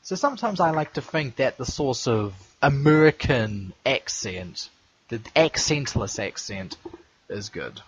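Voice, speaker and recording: A man's voice: mid-range voice, very animated, measured pace, husky. A man with a New Zealand accent, co-hosting a podcast in casual chat full of crude banter. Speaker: podcast co-host. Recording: dull lo-fi recording.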